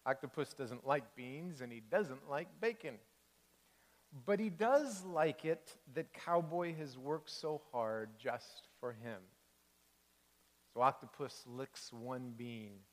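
A man, a pastor, reading a children's storybook aloud in a sermon with expressive, animated delivery. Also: medium pitch, takes it slowly, in a large hall.

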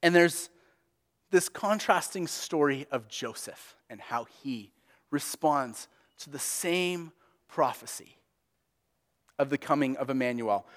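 A young man preaching a sermon as a pastor, conversational and animated as he tells stories. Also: mid-range voice, takes it slowly, pauses often, big-room sound.

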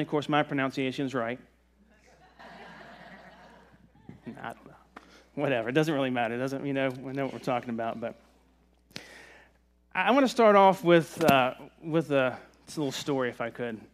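Relaxed, conversational pastor, slightly high voice. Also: male voice. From Virginia mountains, USA. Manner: relaxed, conversational, joking with the congregation. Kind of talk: sermon. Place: church service.

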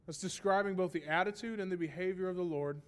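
A man's voice: high voice, fast talker, clean tone. A man teaching a Bible lesson in a sermon style, explaining step by step and often checking in with a rhetorical "right?". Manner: stresses repeated phrases for emphasis.

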